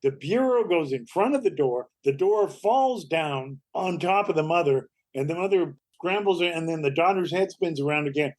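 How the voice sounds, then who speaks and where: Older man telling lively stories. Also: on the high side, moderate pace, hardly any pauses. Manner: lively anecdotal storytelling, acts out quoted voices. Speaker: comedy actor and writer, guest. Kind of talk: storytelling interview.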